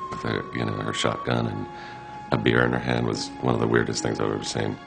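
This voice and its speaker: A man's voice: a bass voice, level tone, brisk, vocal fry, music in the background. A man commentator with a dry, wry interview manner.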